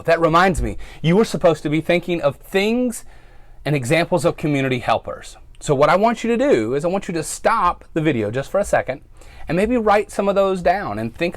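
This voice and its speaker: Lively firefighter reading to kids. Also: male voice, on the high side, dry recording. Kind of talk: reading a picture book to children.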